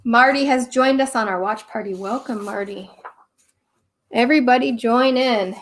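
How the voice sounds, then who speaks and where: A cheerful woman reads a rhyming children's story and guides young listeners through yoga poses. She sounds encouraging and sing-song, with a high voice. Her words echo around the room. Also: moderate pace, recorded from a distance, a little hiss or hum. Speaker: kids' yoga teacher and storyteller.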